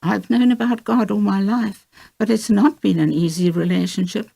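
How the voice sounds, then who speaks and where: A woman's voice: mid-range voice, fairly even intonation, moderate pace, creaky, warm tone, breathy edge. A woman reading a young woman with cancer, heartfelt and teary, in an audiobook of a memoir. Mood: reflective.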